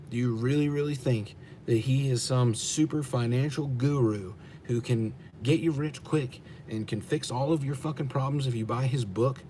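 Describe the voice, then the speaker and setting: A man's voice: mid-range voice, mellow, slight background noise. An American man, a truck driver streaming live, ranting bluntly and with profanity as he answers his chat, repeating his questions for emphasis. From United States. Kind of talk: livestream rant answering chat.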